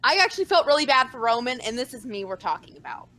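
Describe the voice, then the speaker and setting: A woman's voice: on the high side, very animated, quick pace, sharp tone. A young woman co-hosting a podcast in casual chat, cutting in with blunt, teasing interjections. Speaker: podcast co-host.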